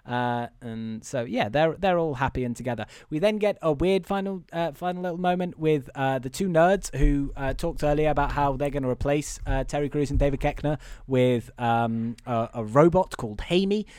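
A man's voice: a little high, normal speed, hardly any pauses, a little mellow, clear, resonant tone, no echo, clean studio sound. A man co-hosting a podcast over a video call from his room at home, recapping a movie in a rambling, casual way with lots of fillers. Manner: rambling, filler-heavy, acts out quotes. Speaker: podcast co-host.

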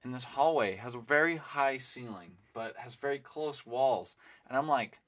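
A young man co-hosting a podcast, telling a rambling story in a playful, animated way. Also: medium pitch, normal speed. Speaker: podcast co-host. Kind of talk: casual chat.

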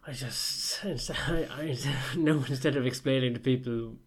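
A man in casual conversation, joking in a sarcastic, deadpan way. He co-hosts a podcast with a friend. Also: mid-range voice, measured pace. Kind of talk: casual chat.

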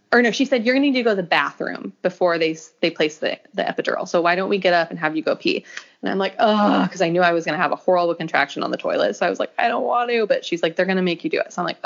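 Young woman, animated storyteller, fairly low voice, dull recording. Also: vocal fry. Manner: animated, acts out quoted lines with pitch jumps, laughs often. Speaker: podcast guest telling a birth story. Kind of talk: casual conversational storytelling. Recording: dull lo-fi audio.

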